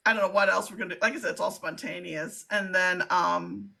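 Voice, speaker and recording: A woman's voice: fairly low pitch, steady tone, a little fast, vocal fry, bright, forceful tone. A woman hosting a casual live-stream chat, rambling and chatty with frequent laughs. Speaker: livestream host.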